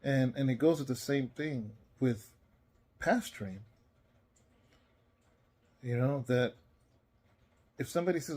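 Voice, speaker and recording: Speaking slowly with frequent pauses, this pastor has a medium-pitched, darkish voice. He recorded the devotional message himself, and he sounds tired and keeps yawning as he offers it in an earnest, rambling, conversational way.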